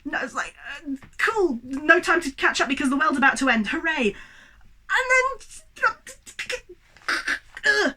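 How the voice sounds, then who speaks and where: A young woman with a high, bright voice rants about a film at home, getting more exasperated as she goes. She talks in a worked-up, sweary way, straight into a camera on a tripod. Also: a little fast. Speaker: movie reviewer. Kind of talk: animated ranting movie review.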